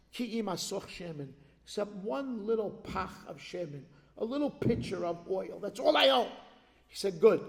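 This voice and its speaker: A man's voice: high voice, vocal fry. A man giving a sermon as a rabbi, telling stories with rising intensity. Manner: animated, rises in intensity when telling stories. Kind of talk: sermon with storytelling. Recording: long hall reverb.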